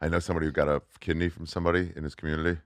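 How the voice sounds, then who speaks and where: Low-voiced guy cohosting a podcast, relaxed, deadpan one-liners, dry room. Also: no room sound. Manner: laid-back, quick deadpan quips. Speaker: podcast co-host. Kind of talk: casual podcast chat.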